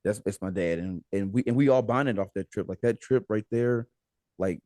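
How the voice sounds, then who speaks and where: An American man with a fairly low voice tells a story as a podcast guest. He talks casually and with energy, laughing and acting out what people said. The sound is dry and close. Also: normal speed, no echo. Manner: animated, laughing, retells with quoted dialogue.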